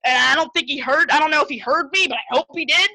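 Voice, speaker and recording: A man telling an excited story as an interviewed concert fan, repeating words and acting out what he said. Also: extremely high pitch, fast, no echo, low-quality recording. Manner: breathless, repeats words, acts out his own quotes.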